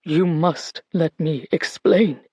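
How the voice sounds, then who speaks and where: Woman reading a frail old man, raspy and tearful, low and soft, slow. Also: no echo, studio quality, full character voice. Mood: pleading. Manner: pleading, tearful.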